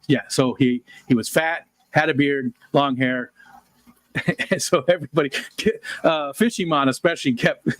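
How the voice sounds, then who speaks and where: A man's voice: medium pitch, dry recording. Rambling middle-aged man hosting a livestream. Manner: rambling, chuckles often. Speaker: livestream host. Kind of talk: casual livestream chat answering viewer comments.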